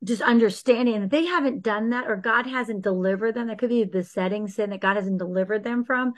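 A woman speaking as a guest in a faith-based conversation about healing, earnest and animated. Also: medium pitch, a little fast. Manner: earnest, animated, acts out quoted prayers.

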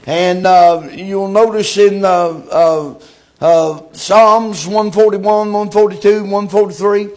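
A man preaching a sermon, in a chanting cadence full of "uh" fillers, sometimes shouting. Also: high-pitched.

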